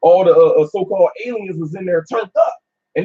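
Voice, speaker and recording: In a relaxed conversation with a handful of men, this teacher lays out scripture, his preachy delivery crowded with fillers like "uh" and a recurring "man." He speaks fairly quickly in a high, sing-song, slightly rough voice, captured on a dull lo-fi recording.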